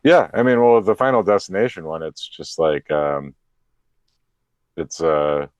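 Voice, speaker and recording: Low-voiced guy guesting on a podcast, laid back, kinda dull muffled audio. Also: animated, unhurried, no echo. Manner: laid-back, joking asides. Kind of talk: casual podcast chat.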